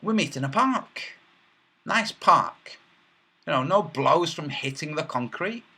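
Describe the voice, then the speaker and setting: Man, husky, bright, lively pitch, rambling livestream host, mocking. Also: slow. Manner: rambling and mocking, with many filler sounds. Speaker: livestream host reading chat. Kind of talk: casual livestream chat.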